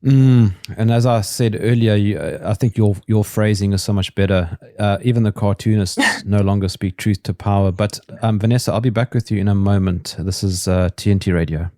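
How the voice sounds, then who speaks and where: A man hosting a radio interview who asks wry, halting questions. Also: on the low side, fairly even intonation, dark tone, dry recording, studio quality.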